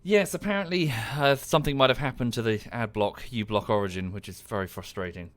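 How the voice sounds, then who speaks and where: A man's voice: mid-range voice, fairly quick. A man giving casual, dry, self-deprecating commentary while livestreaming a game, often muttering to himself. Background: game music.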